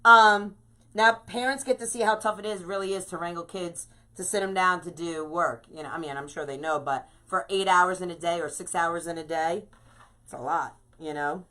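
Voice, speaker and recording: A woman's voice: on the low side, moderate pace, pushed and bright. A woman from New York hosting a live craft stream, chatting bubbly and casual and greeting viewers by name.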